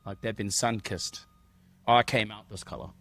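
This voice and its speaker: A man's voice: on the low side, fairly even intonation, moderate pace, fairly bright tone. A man co-hosting a podcast in casual chat, telling stories with a joking, self-deprecating manner. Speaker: podcast co-host.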